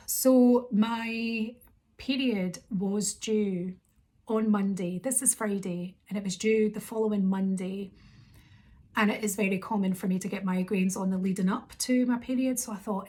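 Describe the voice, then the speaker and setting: A young woman vlogger telling a story in a casual, rambling, animated way, quoting her own thoughts. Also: mid-range voice. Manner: rambling, animated retelling with quoted inner thoughts.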